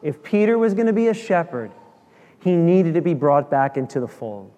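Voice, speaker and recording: A man preaching with a somewhat high voice, animated and expressive, acting out the lines of the people in his story. His voice carries a long reverb from the church hall he speaks in. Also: normal speed, dull audio. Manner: animated, acts out quoted dialogue. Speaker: pastor. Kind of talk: sermon.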